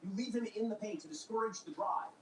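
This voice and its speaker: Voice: medium pitch, fast talker. A commentator ranting indignantly and firing off rhetorical questions, heard as a played clip. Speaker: political commentator. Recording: echoey, distant, faint background noise.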